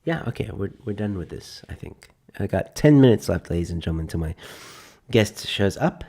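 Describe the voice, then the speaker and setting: A man with a fairly low voice hosts a relaxed live stream. He rambles and jokes with a sarcastic edge, stopping to read film blurbs aloud. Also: normal speed, vocal fry. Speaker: host. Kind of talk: casual live-stream chat.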